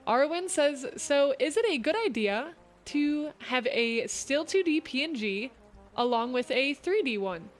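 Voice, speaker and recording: A woman hosts a casual streamed talk, reading chat questions aloud and answering them with encouraging advice. Her voice sits a little higher than usual. She sounds like she is talking into a streaming mic. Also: lively intonation, measured pace, soft background music. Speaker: host.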